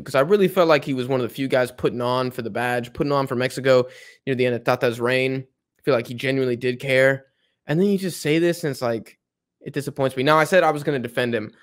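A man hosting a football video, talking casually in an animated, opinionated, rambling way. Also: medium pitch, fast talker. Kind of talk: casual football rant to camera.

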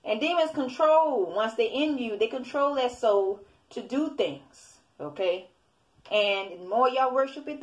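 A woman's voice: on the high side, animated, unhurried. A woman preaching to an online audience in a loose, informal way. She scolds her listeners and piles up repetitions, checking in with a constant "okay?". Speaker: self-made online preacher.

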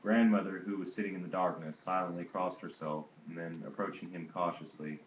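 Deep voiced guy reading an old novel, steady pace, echoey room, kinda muffled. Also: fairly quick, a little hiss or hum. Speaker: audiobook reader. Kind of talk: literary audiobook narration. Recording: dull roomy home recording.

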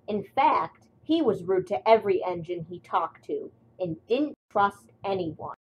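Slow, deliberate woman storyteller. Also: medium pitch, animated, muffled recording, slight background noise. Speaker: narrator. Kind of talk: storybook narration.

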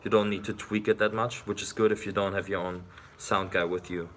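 A man's voice: deep voice, fairly even intonation, brisk, a bit bright, a little hiss or hum. A man co-hosting a casual live stream in a hotel lobby, talking loosely and a little clumsily.

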